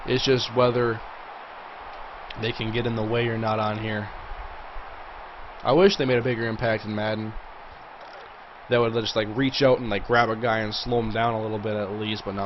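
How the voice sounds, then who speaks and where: A man hosting a livestream, chatting casually through live gameplay commentary and reacting loudly to big plays. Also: lowish voice, highs cut off, noisy background. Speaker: livestream host.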